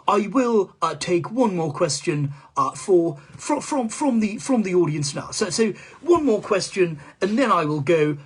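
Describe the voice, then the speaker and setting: A man's voice: high voice, husky, heavily acted. A male comedian doing a comic impression of a rambling, foul-mouthed male politician in a live-stream monologue, stammering and swearing as he goes.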